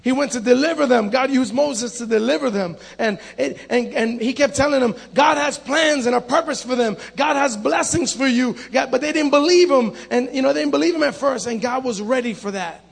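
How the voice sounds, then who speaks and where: A man preaching a sermon, animated, acting out the voices in his story and calling out to the congregation. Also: very high voice, a little fast, vocal fry, hardly any pauses, slightly rough.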